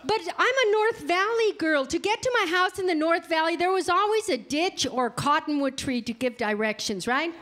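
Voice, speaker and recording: A middle-aged woman from New Mexico doing stand-up at a live venue. Her voice sits high, and she talks in a chatty, self-mocking way, slipping into the lines of the people in her stories. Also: lively intonation, moderate pace, few pauses, a bit bright. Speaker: stand-up comedian. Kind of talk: stand-up comedy set.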